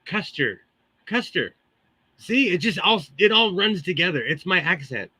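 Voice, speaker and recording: A man's voice: high voice, expressive, moderate pace, sharp tone, breathy edge, dry recording. A Californian man hosting a live sewing stream, chatting casually with viewers and laughing often between remarks. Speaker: livestream host. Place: home sewing room.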